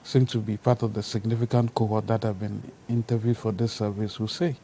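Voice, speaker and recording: A man makes his case on a studio panel in a low, mellow voice. He lays out his argument point by point and presses on it. Faint ambient noise runs underneath. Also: little pitch movement, fairly quick, low-quality recording. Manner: argumentative, builds points step by step. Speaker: panel guest, civil society voice. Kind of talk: studio debate.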